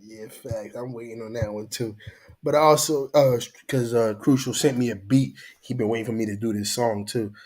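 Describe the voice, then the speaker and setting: A man's voice: medium pitch, steady tone, moderate pace, a little mellow. A man with a cold, bantering and laughing with friends, often saying "you know what I mean". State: sick. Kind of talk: casual banter.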